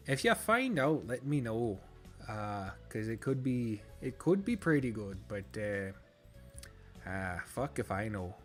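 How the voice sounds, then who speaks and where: A man streaming a strategy game, rambling in casual commentary, swearing freely and joking at his own expense. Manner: lowers voice at times so a roommate's call isn't disturbed.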